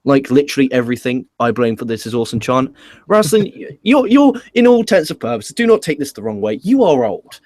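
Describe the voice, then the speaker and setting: A man's voice: medium pitch, a little fast, no echo. A man with an English accent hosting a casual wrestling review, ranting and swearing as he talks. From England. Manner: profane, animated ranting. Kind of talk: casual podcast chat.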